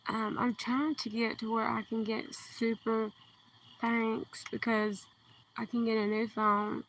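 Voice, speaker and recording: A woman with a southern Kentucky accent, chatting on a livestream outdoors at night, speaking slowly and carefully enunciating into a phone. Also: fairly high pitch, little pitch movement. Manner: slow, deliberately enunciated, soft-spoken. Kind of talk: casual livestream chat. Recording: distant phone mic, faint outdoor hiss.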